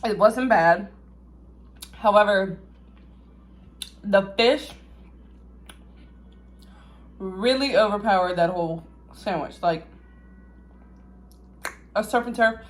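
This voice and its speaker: A young woman, vlogging a food review, dramatic and chatty, swinging from loud squeals to low mutters. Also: slow pace, long pauses. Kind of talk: casual food-review vlog.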